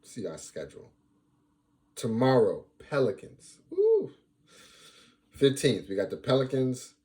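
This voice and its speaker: A young man hosts his own sports fan vlog, full of playful trash talk. His voice swings up and down with lots of life, sitting at a middle pitch. He likes to repeat his lines to drive the point home. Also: animated, moderate pace, warm tone. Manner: repeats phrases for emphasis.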